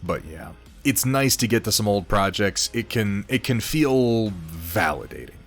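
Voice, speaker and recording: A slightly hoarse man hosting a casual hobby livestream, reading viewer posts and chatting with mild swearing. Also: lowish voice, animated, unhurried, faint music behind. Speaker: host of a miniature painting stream.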